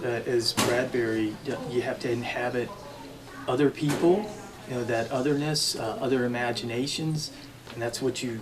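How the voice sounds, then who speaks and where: A man hosting an interview, speaking in a halting way with frequent restarts. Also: medium pitch, steady tone, noisy background. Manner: halting, many fillers and restarts. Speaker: host. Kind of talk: interview conversation.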